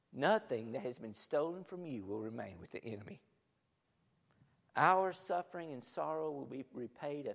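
A man preaching a sermon, swinging from loud proclamation to hushed near-whispers, recorded in a church sanctuary. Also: mid-range voice, gravelly. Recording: long hall reverb.

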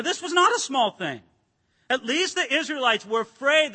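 A pastor preaching a sermon in an emphatic, dramatic way, acting out quotes and rising to shouts. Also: male voice, very high-pitched. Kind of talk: expository sermon. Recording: long hall reverb.

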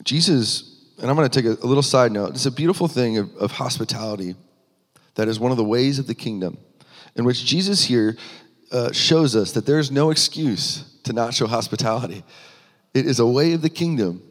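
A man's voice: medium pitch, lively intonation, a little fast. A man preaching a sermon in an earnest manner, voice rising for emphasis, with frequent restarts. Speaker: pastor. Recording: long hall reverb.

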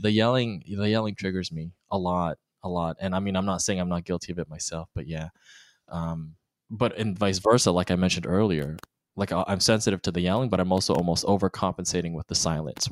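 Deep-voiced man sharing candidly. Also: dry recording, studio quality. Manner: animated, acts out quoted voices. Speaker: married guest. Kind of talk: candid conversational talk.

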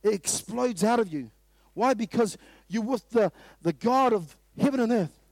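At a morning prayer meeting, a New Zealand man delivers a sermon with emphasis, piling up rhetorical questions and occasionally bursting out loudly. His voice is high and animated, his speed normal, and there's no room sound.

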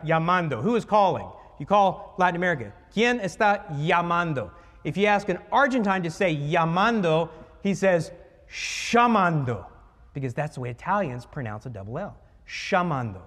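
A male pastor preaches in a big church hall, his voice riding up and down with animated energy. He sits slightly high for a man and explains scripture in a conversational way, acting out little dialogues. Long reverb trails after his phrases. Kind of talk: sermon.

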